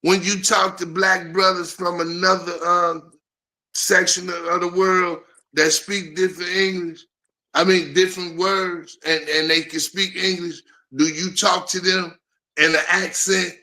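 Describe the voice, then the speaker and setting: A man with a high, bright voice chats casually. He asks easygoing questions and thinks aloud as he talks. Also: level tone, measured pace. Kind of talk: casual chat.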